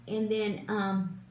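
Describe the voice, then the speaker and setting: A woman's voice: medium pitch, a little mellow. An older woman chatting casually while doing her makeup, rambling, with lots of fillers, restarts and laughs. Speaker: beauty vlogger. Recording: roomy, distant mic, faint hum.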